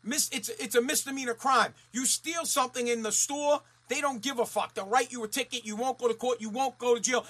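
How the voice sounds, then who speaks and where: A man's voice: very high voice, pushed and bright. A man ranting as a talk radio host, blunt, profane and fired up.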